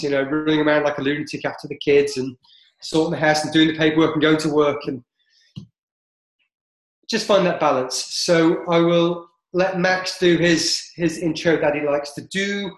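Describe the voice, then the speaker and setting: A man hosting a casual podcast chat, rambling and hesitant with lots of fillers. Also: fairly high pitch. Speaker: podcast host. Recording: echoey room.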